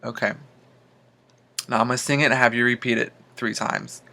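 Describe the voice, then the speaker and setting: A man working as a speech therapist, recording homework and giving calm plain instructions between slowly sung practice phrases. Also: mid-range voice, creaky, slight background noise.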